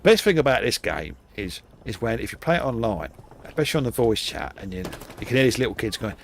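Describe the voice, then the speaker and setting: A man's voice: on the low side, very animated, fast talker, vocal fry. An older man livestreaming a game, chatting to viewers in a rambling, profane, jokey way. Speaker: game streamer. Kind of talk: live gameplay commentary. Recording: game gunfire in the background.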